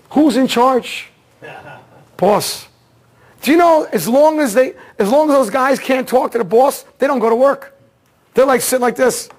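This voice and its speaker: A man teaching an automotive diagnostics seminar, telling a case story in a casual, excitable way and acting out the dialogue. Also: extremely high pitch. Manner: casual slangy talk, repeats words. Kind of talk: seminar lecture.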